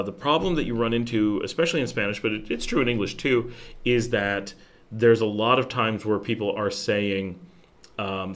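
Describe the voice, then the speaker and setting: An American man hosting a casual livestream, answering viewer questions in a rambling, chatty way with many restarts. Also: fairly low pitch. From United States. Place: home in Nicaragua.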